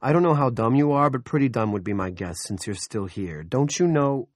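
A man voicing a blunt, impatient male lawman in an audiobook, loud and gruff as he barks commands. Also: medium pitch, animated, a little fast, dry recording, studio quality, voice pushed up, close to an everyday voice. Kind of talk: audiobook character voice.

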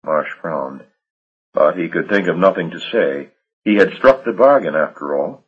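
A man giving measured, dramatic audiobook narration. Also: low-pitched, expressive, breathy edge, phone-quality sound.

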